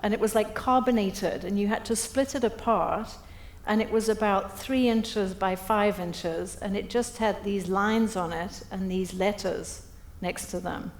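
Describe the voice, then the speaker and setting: A middle-aged woman gives a keynote at a breakfast event, telling humorous, self-deprecating stories and acting out quotes with lively energy. Her voice is medium-pitched and measured, with hardly any pauses, and the event hall sounds echoey.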